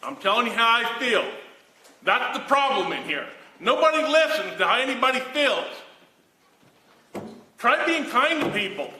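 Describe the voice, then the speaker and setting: A man stands at a public meeting and pleads his case, aggrieved and close to anger. His voice sits very high and sounds bright and sharp. The meeting room gives it a noticeable echo. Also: sing-song, moderate pace, long pauses, slight background noise. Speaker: county employee addressing the board. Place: county board meeting room.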